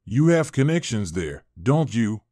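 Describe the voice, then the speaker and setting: A man voicing a teasing, blunt old village witch-healer woman with a creaky voice, in a storybook reading. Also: mid-range voice, big pitch swings, unhurried, mellow, no room sound, clean studio sound. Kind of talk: storybook narration.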